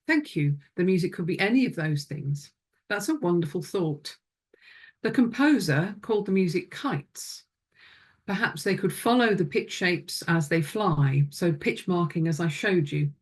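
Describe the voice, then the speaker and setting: A woman with a somewhat low voice leads a music teaching webinar. She speaks in a calm, instructive way, close to the microphone. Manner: calm, instructive, demonstrates vocal exercises. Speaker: music education presenter.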